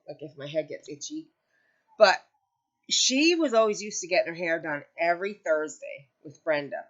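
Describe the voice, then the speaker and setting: A woman's voice: sits low, dull audio. A middle-aged woman hosting a craft channel, chatting casually and emotionally telling a family story to viewers.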